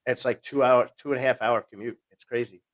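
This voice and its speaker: A man's voice: medium pitch, fairly quick. Casual storyteller: New man, fifties, podcast guest, restarts often and acts out quotes. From New Jersey, USA. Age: 50s. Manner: rambling, self-interrupting, animated retelling with quoted voices.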